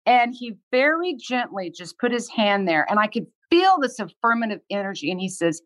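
Woman in her sixties, medium pitch, earnest and blunt, dry close sound. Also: animated, fairly quick, hardly any pauses, a bit bright, dry recording. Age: 60s. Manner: earnest, heartfelt, swears freely. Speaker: guest. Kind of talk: candid podcast conversation.

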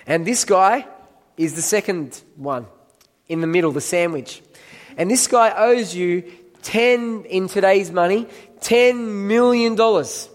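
A male pastor with a high voice preaches with lively, emphatic storytelling. His voice rings with the long reverb of a large church hall as he calls up volunteers to act out the story. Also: slow pace. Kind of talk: sermon with audience volunteers.

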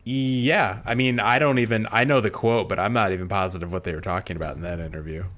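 A man's voice: on the low side, fairly even intonation, fast, fairly bright tone. A man co-hosting a podcast in easygoing casual chat. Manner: easygoing, chuckling, conversational. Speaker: podcast co-host.

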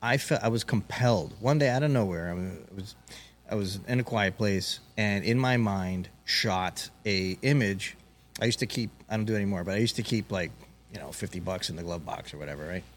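Guy with a husky voice rambling thru a story on a podcast, lots of restarts. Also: lowish voice, a little fast. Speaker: podcast host. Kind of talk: casual storytelling chat.

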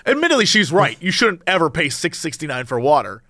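A man co-hosting a podcast in casual chat, telling rambling, animated stories. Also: a little high, a little fast, dry recording, studio quality. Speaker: podcast co-host.

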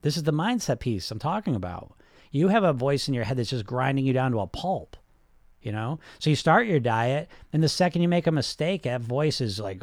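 A man hosting a podcast as a weight-loss hypnotist, giving a blunt, profane, rapid-fire motivational monologue. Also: on the high side, sing-song, no echo, studio quality.

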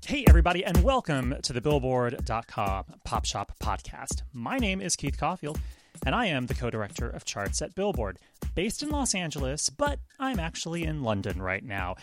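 A man's voice: a little high, wildly swooping pitch, normal speed. A man hosting a music podcast in casual chat, talking with many ums and restarts. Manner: chatty, lots of ums and restarts. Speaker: podcast host.

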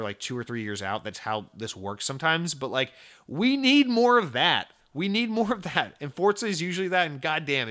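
Young male gaming commentator, casual profane rant, bright edgy tone. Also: mid-range voice. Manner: animated, profane, rambling with fillers.

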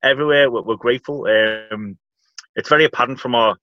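A man's voice: medium pitch, brisk, no echo, lo-fi sound. An Irish man co-hosting a podcast, chatting in a rambling way with dry jokes. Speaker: podcast co-host. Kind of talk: casual football chat.

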